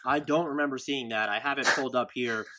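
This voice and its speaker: A man hosting a sports podcast, talking energetically with playful hype and rapid reads of show notes. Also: mid-range voice, a crowd in the background. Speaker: podcast host. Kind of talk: casual sports podcast talk.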